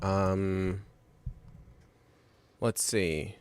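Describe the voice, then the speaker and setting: A man's voice: sits low, steady tone, extremely slow, clean tone. A man co-hosting a casual comedy podcast, ranting and swearing with stumbling restarts.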